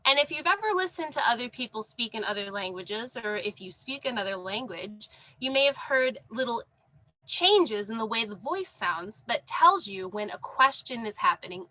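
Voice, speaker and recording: Woman, bright voice, encouraging sign language teacher, video call, dry close sound. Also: on the high side, no room sound, rough recording. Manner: encouraging, praising students by name. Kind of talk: online class instruction. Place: home, with a dog under the desk.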